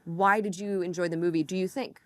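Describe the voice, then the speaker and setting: A woman co-hosting a podcast in a casual chat, lively and steering the talk, with casual swearing. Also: on the low side, brisk. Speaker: podcast co-host.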